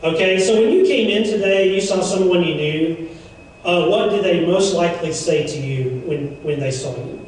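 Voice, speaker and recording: A man's voice: high-pitched, normal speed, darkish tone, a little hiss or hum. A man giving a seminar talk, chatty and joking with playful asides. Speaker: seminar speaker. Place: event room. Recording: echoey room, mic far off.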